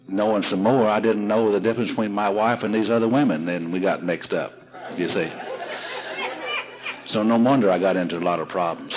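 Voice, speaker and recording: A man's low voice comes through poor audio as he recounts his recovery to a seminar crowd. He keeps it folksy and funny, often repeating himself and starting over.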